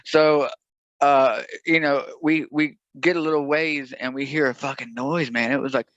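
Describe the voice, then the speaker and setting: A man's voice: medium pitch, fairly even intonation, moderate pace, dull audio, heavy background noise. A young man telling a rambling, profane, jokey story in a casual podcast chat.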